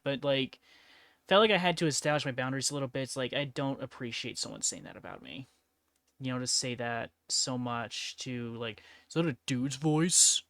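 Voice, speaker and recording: A woman's voice: very deep voice, fairly bright tone, no room sound. A woman streaming in casual chat while painting miniatures, laid-back, laughing often and swearing freely. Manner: laid-back, giggly and profane.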